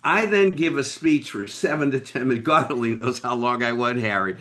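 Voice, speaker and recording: A man from Boston, a podcast guest and business leader, telling a story in an animated, emphatic way, with dramatic pauses and asides to the listener. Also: medium pitch. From Boston, United States.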